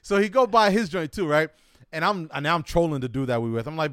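Fast-talking American guy telling a story. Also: fairly high pitch, no echo, studio quality. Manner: animated, acts out quotes, fast with frequent "right?". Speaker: storyteller guest. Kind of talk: casual storytelling chat.

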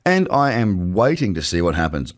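A man's voice: deep voice, big pitch swings, moderate pace. A man with an Australian accent hosting a casual, chatty market commentary podcast from his office, with playful asides. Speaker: podcast host. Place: home office. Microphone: webcam setup.

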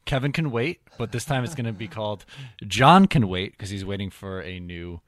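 A man co-hosting a casual sports chat, animated and teasing, laughing often. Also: on the low side, normal speed, dry recording, studio quality. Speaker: podcast co-host.

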